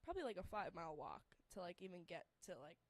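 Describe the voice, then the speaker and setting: A woman's voice: on the low side, big pitch swings, very fast. A young woman telling a story casually, rambling and filling her talk with "like". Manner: rambling, heavy use of "like", laughs through the story.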